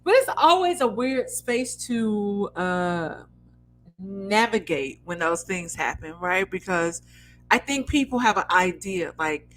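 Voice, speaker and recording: Bright-voiced candid young woman. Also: medium pitch, very animated, poor audio. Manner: candid, blunt, drawn-out storytelling with fillers. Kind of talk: casual chat.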